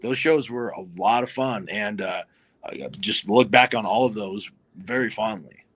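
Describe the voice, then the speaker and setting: Fond, easygoing man with a bright tone. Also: lowish voice, measured pace. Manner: relaxed, fond, filler-heavy. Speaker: guest. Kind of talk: casual reminiscing chat.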